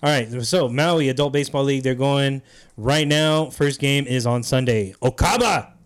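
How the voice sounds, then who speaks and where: A man's voice: medium pitch, moderate pace, smooth. A man hosting a casual podcast, going through amateur baseball playoff picks in a laid-back, joking way. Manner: laid-back, casual, swears, laughs easily. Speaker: podcast host.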